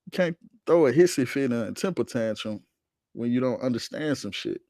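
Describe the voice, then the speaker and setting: A man's voice: mid-range voice, expressive, moderate pace, a little mellow, no echo, studio quality. A man hosting a livestream, arguing with his chat in a heated, profane, slangy rant. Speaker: streamer host reacting to chat.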